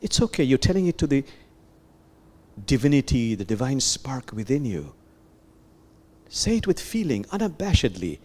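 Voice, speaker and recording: A man leading a slow, soft, prayerful guided heart meditation during a worship service, pausing often. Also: medium pitch, sing-song. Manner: slow, soft, prayerful guidance with long pauses.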